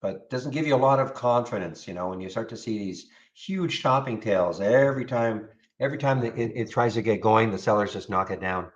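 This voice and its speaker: A man's voice: lowish voice, a little fast, lo-fi sound. A man hosting a live trading room, chatting casually over charts and answering viewers, often repeating words as he talks. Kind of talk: live stream commentary on charts.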